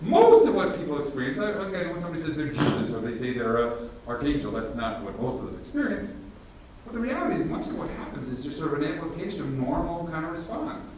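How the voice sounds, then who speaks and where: A man gives a workshop talk, telling stories casually and acting out the dialogue with lively emphasis. He sounds far from the microphone in a very echoey hall. Faint ambient noise runs underneath. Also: on the high side. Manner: casual, animated, acts out dialogue. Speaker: workshop presenter. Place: large room with audience.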